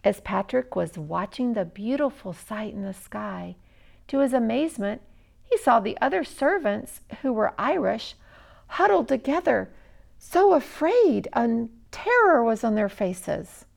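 A woman narrating a children's story expressively, with dramatic pauses. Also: on the high side, big pitch swings, vocal fry.

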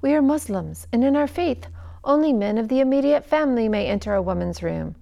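Woman playing a courteous, troubled man, earnest storybook read-aloud, raspy undertone. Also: a little high, expressive, fairly quick, warm tone, highs cut off. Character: troubled grown man asking politely for help.

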